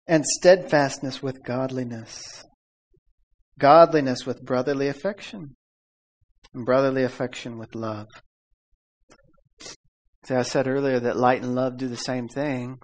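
A man's voice: medium pitch, fairly even intonation, a little slow, pauses often. Folksy preacher man calling for amens. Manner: folksy, calls for amens and audience repeats; laughs often while telling stories. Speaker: pastor. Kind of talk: conversational sermon.

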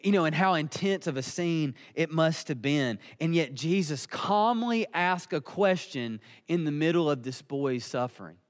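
A man's voice: on the high side, lively intonation, moderate pace, few pauses, in a large hall. A man preaching a sermon, earnest and emphatic. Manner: earnest, emphatic, building in intensity.

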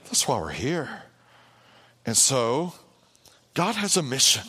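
A pastor preaching a sermon in an animated way, with repeated phrases and calls of "amen" to the congregation. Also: male voice, medium pitch, slow pace, breathy edge. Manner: animated, repetitive rhetorical preaching with call-and-response. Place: church sanctuary. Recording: long hall reverb in a church.

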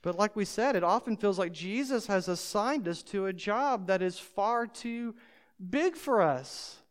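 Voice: medium pitch, expressive, measured pace. A pastor preaching a sermon, speaking emphatically and straight to the listeners. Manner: emphatic, addresses listeners directly. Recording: long hall reverb.

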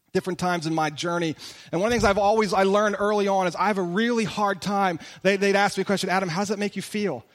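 High-voiced pastor in a reverberant church. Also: male voice, fairly bright tone. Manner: conversational and emphatic, full of direct rhetorical questions. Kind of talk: sermon. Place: large church hall. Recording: long reverb of a large church hall.

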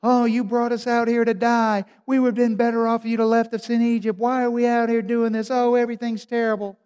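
A man's voice: very high-pitched, flat delivery, a little fast, a little mellow, clean tone, pitched above the performer's own voice. A man voicing a melodramatic, complaining crowd of wanderers. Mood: whining. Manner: whiny, melodramatic griping.

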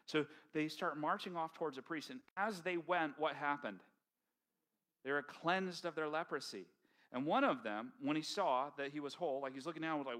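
A man preaching a sermon to his congregation in an animated, conversational storytelling manner, acting out quotes along the way. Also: a little high, normal speed. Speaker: pastor. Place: church sanctuary with congregation.

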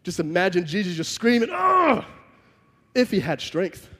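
Man, high voice, sermon, vivid emphatic storytelling, long hall reverb. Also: brisk, breathy edge. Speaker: preacher.

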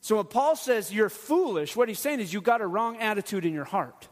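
A man's voice: sits high, expressive, a little fast. A middle-aged man, a pastor, preaching a sermon in an earnest, conversational way with touches of humor. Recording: long hall reverb.

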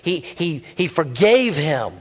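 A male pastor preaching a humorous, animated sermon, calling out to his congregation. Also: a little high, slow pace.

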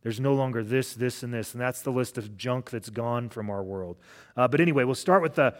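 A man's voice: mid-range voice, fairly quick. Middle-aged male pastor, chatty sermon delivery, ordinary mid-range voice, thinks aloud mid-sentence. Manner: casual storytelling with frequent restarts. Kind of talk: conversational sermon.

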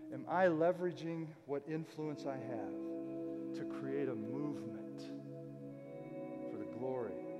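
A man's voice: mid-range voice, big-room sound. A man, a pastor, preaching a sermon in a casual, conversational way, often checking in with his congregation. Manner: conversational, frequent "okay?" check-ins. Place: church sanctuary.

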